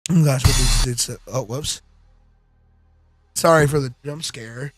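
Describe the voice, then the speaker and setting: A man's voice: medium pitch, unhurried, husky, soft background music. A man giving casual gameplay commentary, rambling, giggly and self-deprecating. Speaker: gaming channel host.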